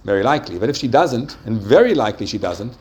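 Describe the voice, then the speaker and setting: A man's voice: medium pitch, very animated, fast talker, darkish tone. Man teaching a class with probing questions. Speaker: religious teacher. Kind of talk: interactive Jewish class.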